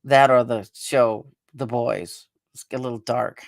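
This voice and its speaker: A woman hosting a casual live stream, rambling along with halting restarts and fillers, sounding tired and drained. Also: very deep voice, steady tone, gravelly, no room sound, clean studio sound. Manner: meandering, halting talk with many restarts and fillers. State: tired and drained after a stressful day. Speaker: livestream host.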